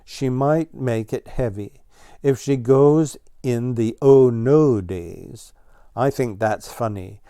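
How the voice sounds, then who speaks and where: A foolish, chattering blue jay who sings his little phrases over and over, as a man reads him aloud. He talks slowly in a mellow, darker tone. The sound is close and dry, with no room around it. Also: medium pitch, clear, resonant tone, dry recording. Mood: playful. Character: silly talkative male blue jay bird. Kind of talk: storybook read-aloud.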